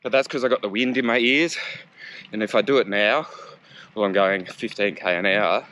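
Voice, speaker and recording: This man's voice is fairly low and fairly even in intonation, pushed and bright, at a moderate pace in a rough recording. He rambles chattily and self-deprecatingly to a bike-mounted camera while riding a road bike in traffic, with wind on the mic and music in the background.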